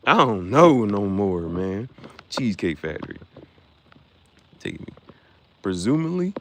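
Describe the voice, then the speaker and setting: A man's voice: on the low side, sing-song, a little slow, a little hiss or hum. Young guy chatting on his stream, voice jumps all over, cracking jokes at the comments. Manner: joking, reacting to chat comments, frequent laughs. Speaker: livestream host. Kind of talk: casual livestream chat with viewers.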